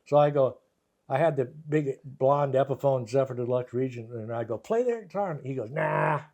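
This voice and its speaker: An older man, a guitarist, telling anecdotes in a relaxed interview, laughing often and acting out the voices of the people in his stories. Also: medium pitch, normal speed, creaky. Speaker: guest guitarist. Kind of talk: casual storytelling interview.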